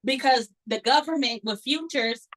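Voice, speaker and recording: Bright high-voiced woman teaching trading. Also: moderate pace, low-quality recording. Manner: animated, acts out her own past thoughts. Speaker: trading instructor. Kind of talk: casual teaching talk.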